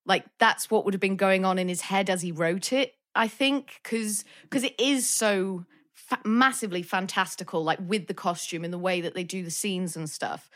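A woman's voice: medium pitch, steady tone, moderate pace, a bit bright. A British woman co-hosting a podcast, chatting about films with lots of fillers and acted-out quotes. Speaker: podcast co-host. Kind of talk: casual film discussion.

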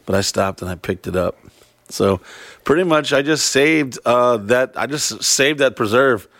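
A man's voice: medium pitch, animated, measured pace, fairly bright tone, dry recording. A man telling a rambling, profane story in casual chat with a friend.

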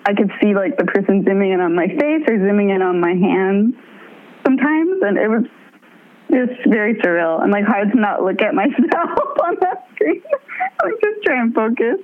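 A woman's voice: mid-range voice, moderate pace. Bubbly young woman on a tinny phone line. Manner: bubbly, laughs often, animated storytelling. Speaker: touring musician, guest. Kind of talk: casual interview chat.

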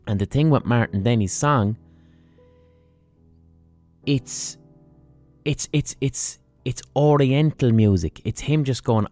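A man's voice: mid-range voice, slow pace, long pauses, a little mellow, faint music behind. A man hosting a podcast, delivering a blunt, profane, ranting monologue. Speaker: podcast host.

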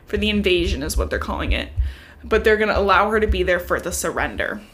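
A woman's voice: medium pitch, lively intonation, quick pace, fairly bright tone. Young woman podcast cohost, chatty book recap, says like a lot, laughs easy. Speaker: podcast co-host. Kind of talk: casual book-club chat.

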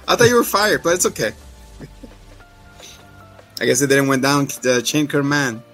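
A man hosting a casual podcast recap, laughing often and acting out scenes in quick voices. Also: medium pitch, very animated, fairly bright tone, faint music behind. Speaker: podcast host.

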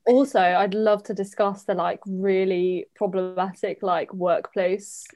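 A woman's voice: medium pitch, fairly even intonation, unhurried, a little mellow, no echo. A young British woman in casual chat about a TV show, talking loosely with lots of filler words. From United Kingdom. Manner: chatty, many fillers.

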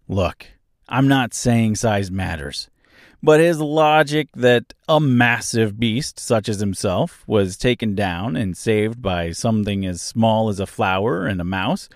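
A man's voice: lowish voice, expressive, slow pace, no room sound, clean studio sound. A man hosting an audiobook podcast, giving wry, self-deprecating commentary.

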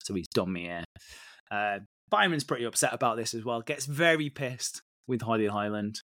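A man's voice: medium pitch, expressive, normal speed, fairly bright tone. British man recapping a show on a podcast. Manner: storytelling recap, swearing freely. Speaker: podcast co-host. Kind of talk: casual chat.

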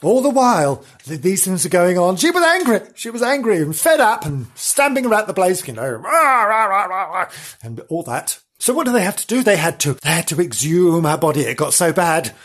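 A woman's voice: on the low side, sing-song, a little fast, husky. A woman hosting a podcast, telling a ghost story in a theatrical, jokey way, with gasps and repeated words. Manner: theatrical, gasping and jokey, with self-interrupting repetitions. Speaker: podcast host. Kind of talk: playful storytelling podcast chat.

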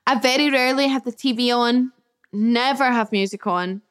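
A young woman with a slightly high voice hosts a solo podcast from home. She talks in a candid, chatty way, swearing now and then as she reacts to comments from her listeners. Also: normal speed. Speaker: podcast host. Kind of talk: casual solo podcast chat. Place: her flat, indoors.

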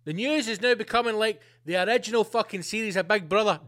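A British man hosts his own talk show with a noticeably high-pitched voice. He rants angrily and sarcastically, swearing freely as he goes. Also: fast talker, a bit bright. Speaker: podcast host. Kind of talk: ranting monologue.

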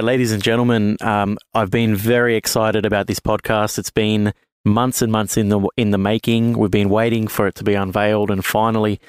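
A man's voice: lowish voice, clean tone, dry recording. A man hosting a sports podcast in a casual, enthusiastic, friendly way. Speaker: podcast host.

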